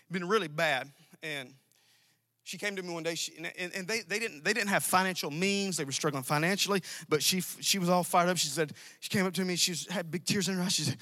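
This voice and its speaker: A man preaching a sermon to a congregation, emphatic and repetitive, with sudden loud outbursts. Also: on the high side. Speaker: pastor. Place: church sanctuary. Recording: dry sound with long hall reverb.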